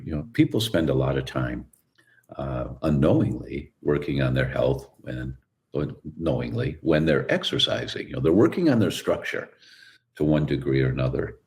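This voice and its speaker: A man with an extremely low voice speaks as an interview guest, unhurried and conversational. He tells stories and slips briefly into the voices of people he quotes. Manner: relaxed storyteller who acts out quoted voices. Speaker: guest, chiropractor. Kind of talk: storytelling interview answer.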